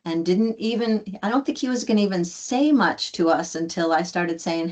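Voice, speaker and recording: Woman, podcast guest, lower voice, animated storytelling, acts out quotes. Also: moderate pace, few pauses. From United States. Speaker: podcast guest, adoptive mother. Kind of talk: storytelling in conversation.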